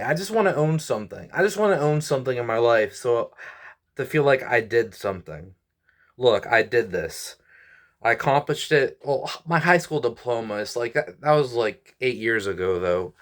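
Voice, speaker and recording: A man in his twenties venting to his viewers, rambling, stressed and weary, with frequent sighs and apologies. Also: mid-range voice. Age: 20s. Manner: frustrated, rambling, sighing, apologetic. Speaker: YouTuber and comedian. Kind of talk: venting vlog to camera.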